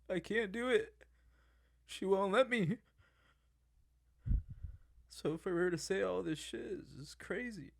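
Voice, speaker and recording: A man's voice: high voice, gravelly, no echo. Agitated man venting, dry close sound. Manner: agitated, swearing, voice rising as he vents. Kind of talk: emotional personal account.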